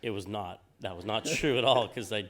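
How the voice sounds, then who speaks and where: A man in his forties, a game designer guest in an interview, talking in a relaxed, rambling way with many fillers and restarts. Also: on the low side, brisk. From United States. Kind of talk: casual interview on stage.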